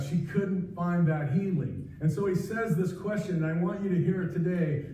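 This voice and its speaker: A man's voice: on the high side, dark tone, a little hiss or hum. A man preaching a sermon as pastor, earnest and pleading, with frequent restarts. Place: church sanctuary. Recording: distant, echoey, muffled livestream audio.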